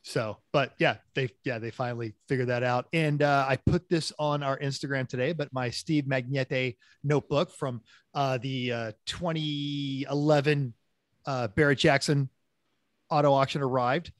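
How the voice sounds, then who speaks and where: A man's voice: medium pitch, moderate pace, dry recording, clean studio sound. A man co-hosting a car podcast, telling rambling stories in casual chat and acting out quotes. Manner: rambling storyteller, restarts, animated quotes. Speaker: podcast co-host.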